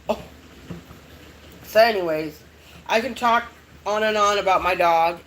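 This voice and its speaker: Rambling, cussing mom chatting casually. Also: female voice, mid-range voice, fairly bright tone, slight background noise, poor audio. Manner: rambling, frequent swearing. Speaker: vlogger. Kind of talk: casual chat.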